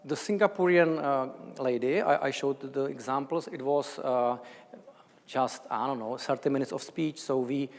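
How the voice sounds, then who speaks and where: A man answering audience questions after a lecture, halting and thinking aloud with many restarts. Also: medium pitch. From Czech Republic. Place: large lecture hall. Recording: lecture hall with long reverb.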